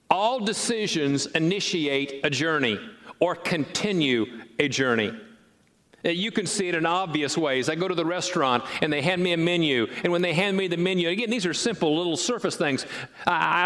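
A middle-aged man preaching a sermon in a church sanctuary, telling stories with animated restarts and repeated words. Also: fairly high pitch, brisk. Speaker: pastor. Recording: long reverb of a large sanctuary.

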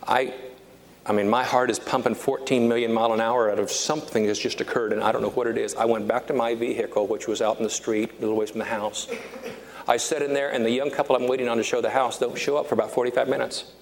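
A man in his fifties preaching a sermon as a pastor, emphatic, repeating key phrases and slowing down to stress them. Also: medium pitch, little pitch movement. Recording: reverberant hall with faint noise.

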